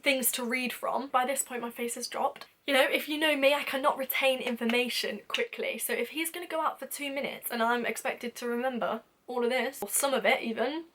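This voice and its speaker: A young woman chats through an embarrassing story in a lively, casual voice, slipping into little acted lines as she goes. Her voice sits a touch higher than most women's. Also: brisk, hardly any pauses. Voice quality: lively, acts out quoted lines with sudden whispers and laughs. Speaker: vlogger.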